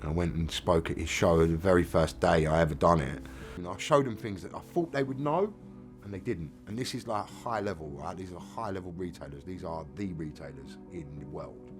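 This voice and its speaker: Over music, a middle-aged man with an English accent and a low voice briskly tells his own life story. He is frank, casual, and plain-spoken, offering candid first-person storytelling.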